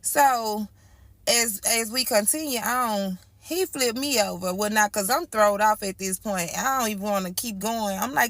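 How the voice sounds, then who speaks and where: A woman tells her own story in a relaxed storytime style, her voice sitting a bit high. She talks straight to her listeners, chatty and circling back over the same points. The sound is dry and close, with no room echo. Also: normal speed. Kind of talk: casual first-person storytime.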